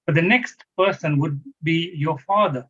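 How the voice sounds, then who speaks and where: Husky-voiced male panel moderator. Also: fairly high pitch, normal speed, fairly bright tone, muffled recording. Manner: hesitant, restarts phrases. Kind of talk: livestream panel discussion.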